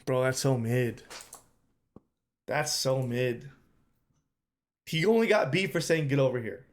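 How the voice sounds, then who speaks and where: A man's voice: mid-range voice, expressive, slow. A man streaming live, giving casual, emphatic commentary and repeating his points, often calling the chat "bro".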